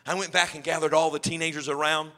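A man, a youth pastor telling a comic story in an animated sermon style. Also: on the high side, quick pace. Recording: long hall reverb.

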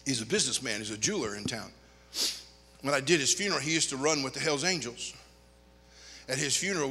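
A man preaching a sermon, telling lively anecdotes and acting out the people in them. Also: medium pitch, breathy edge, long reverb tail. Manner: animated anecdotes, acts out quoted people. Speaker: pastor. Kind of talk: storytelling sermon.

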